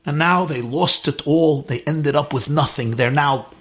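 A man's voice: on the high side, a little slow, a bit bright. A man, a rabbi, telling a story in a sermon with emphatic repeated lists.

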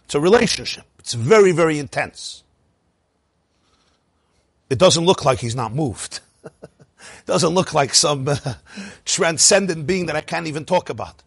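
A man teaching a lively Torah class, asking rhetorical questions and chuckling at his own points. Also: on the high side, moderate pace, pauses often, breathy edge, dry recording.

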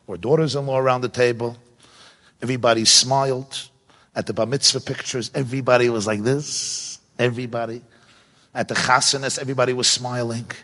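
A man teaching a Torah lesson in sermon style, animated and full of rhetorical questions. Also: mid-range voice. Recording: long hall reverb.

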